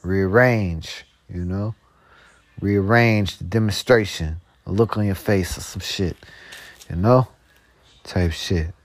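A man talking in a loose, profane monologue full of street slang and filler asides. He drawls slowly and then breaks into quick, heated storytelling. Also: sits low, no room sound. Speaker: host. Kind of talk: casual monologue.

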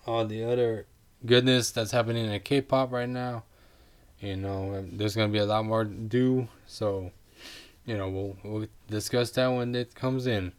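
A male podcast host with a somewhat low-pitched voice talks casually. He gushes and rambles, trips over his words and restarts his sentences often. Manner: gushing, rambling with many fillers and restarts. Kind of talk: casual fan review chat.

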